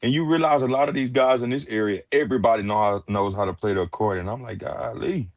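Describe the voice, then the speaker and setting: A man's voice: lowish voice, fast, no room sound. A man from Houston, a musician guest talking easily in an interview, full of restarts and polite replies. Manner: easygoing, many restarts and "uh"s, polite "yes, ma'am". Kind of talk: casual interview chat.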